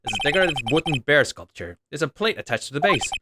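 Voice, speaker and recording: A man casually reading a detective game's dialogue aloud in a wry, relaxed playthrough. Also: on the high side, fast, heavy background noise. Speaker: game streamer reading all characters. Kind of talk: game playthrough voicing the text. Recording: voice over loud game music.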